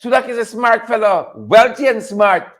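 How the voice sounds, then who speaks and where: This host of a political commentary show speaks with a Guyanese accent in an extremely high, animated voice at a moderate pace. During his casual live commentary he chuckles, says things more than once, and names viewers one by one.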